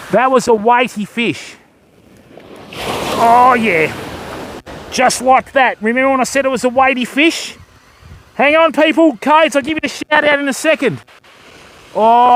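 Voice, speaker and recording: Casting from the beach beside the surf, an older Australian man talks to his livestream viewers and thanks them. He speaks with an extremely high pitch and a fairly bright tone, while waves and surf sound faintly in the background.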